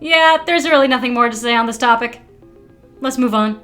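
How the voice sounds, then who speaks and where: A woman's voice: fairly high pitch, moderate pace, a bit bright, faint music behind. A woman co-hosting a casual chat podcast, trading sarcastic quips. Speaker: podcast co-host.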